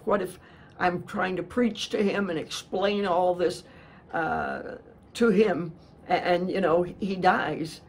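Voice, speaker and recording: A woman preacher telling a story from the pulpit at a slow, unhurried pace. She speaks earnestly and often restarts her words. A faint room ambience sits behind her voice. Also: fairly low pitch, slight background noise. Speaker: missionary preacher. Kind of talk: sermon storytelling.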